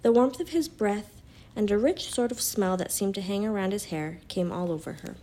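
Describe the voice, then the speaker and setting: Woman calmly reading a storybook. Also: medium pitch, normal speed, slight background noise.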